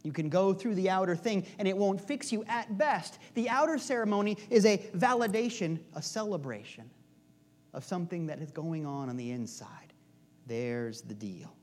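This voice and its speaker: Man minister, high-pitched, chatty sermon delivery, swings from loud stress to near-whispers. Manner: storytelling, shifts between loud emphasis and hushed asides. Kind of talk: conversational sermon.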